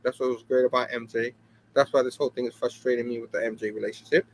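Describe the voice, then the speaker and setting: A man hosting a casual comic book talk show, chatty and animated, often laughing and asking "you know what I mean". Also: mid-range voice, quick pace. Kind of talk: casual chat.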